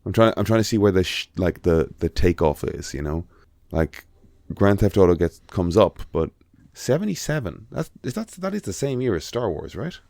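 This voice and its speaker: Irish male podcast co-host, low-ish register, dry close recording, rambling and profane. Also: big pitch swings, moderate pace, gravelly, few pauses, darkish tone, no echo. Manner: rambling, swears casually, frequent restarts. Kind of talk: casual chat.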